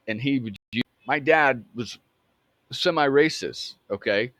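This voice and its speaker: A man in his fifties from Atlanta, telling a personal memory to camera in an earnest, halting way, often restarting his words. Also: medium pitch, bright, forceful tone, no echo, clean studio sound. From Atlanta, Georgia. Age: 50s. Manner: earnest, halting, repeats himself. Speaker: storyteller recounting a memory.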